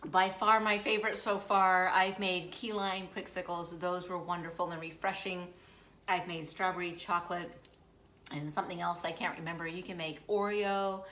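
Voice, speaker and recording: A woman's voice: lowish voice, little pitch movement, normal speed, pushed and bright. Chatty woman hosting a cooking demo. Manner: chatty and upbeat, talks straight to viewers. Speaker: host of a recipe demo. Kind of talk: casual cooking demonstration. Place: at home in the US Midwest.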